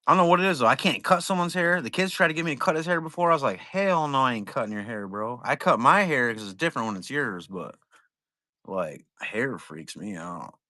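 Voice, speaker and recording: A man running a card break stream, talking loose and rambling with plenty of cursing. His voice is bright and forward, and it sounds dry and close with hardly any room around it. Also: medium pitch, lively intonation, fairly quick, dry recording. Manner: rambling, profane, laid-back. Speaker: trading card break seller. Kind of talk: casual livestream chat.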